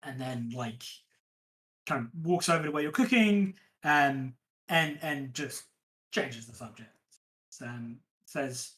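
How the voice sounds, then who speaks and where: A woman's voice: extremely low pitch, slow pace, fairly bright tone, low-quality recording. A woman narrating as game master in a tabletop game, hesitant and full of fillers.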